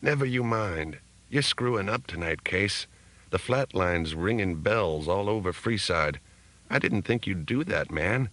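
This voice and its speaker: A man voicing an artificial intelligence that speaks through a languid pimp, in a slow, drawling, teasing way. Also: low voice, animated, a bit bright, no room sound. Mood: mocking drawl.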